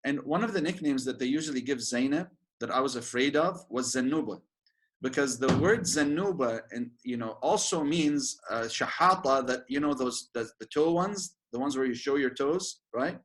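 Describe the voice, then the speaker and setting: A sheikh giving an informal religious lecture, chatty and joking, with many fillers and restarts. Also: male voice, mid-range voice, animated, moderate pace, fairly bright tone. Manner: laughs at his own jokes.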